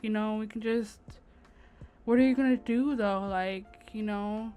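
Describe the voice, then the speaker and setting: A woman's voice: mid-range voice, fairly even intonation, measured pace, dark tone, faint music behind, close to an everyday voice. A woman voicing a chatty, supportive girlfriend. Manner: chatty and reassuring, calls people "girl". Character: supportive young woman friend, casual.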